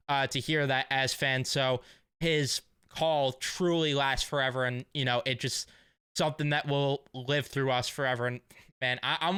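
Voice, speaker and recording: A man's voice: medium pitch, bright, forceful tone, clear, resonant tone, dry recording, studio quality. A young man hosting a sports fan vlog, talking in a casual, emotional, rambling way full of fillers. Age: young adult. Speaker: sports fan channel host.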